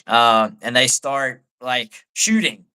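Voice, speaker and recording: A man's voice: mid-range voice, lively intonation, takes it slowly, sharp tone, clear, resonant tone. A man, an army staff sergeant, telling a story in a laid-back way as a guest on a live talk show, with lots of "like". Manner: laid-back, peppers speech with "like".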